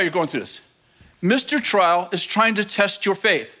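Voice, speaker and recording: A man preaching a sermon to a congregation, telling stories and addressing the crowd directly. He grows animated and emphatic, often acting out the voices of the people in his stories. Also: sits high, unhurried. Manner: animated storytelling, rising to emphatic near-shouting. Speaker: pastor.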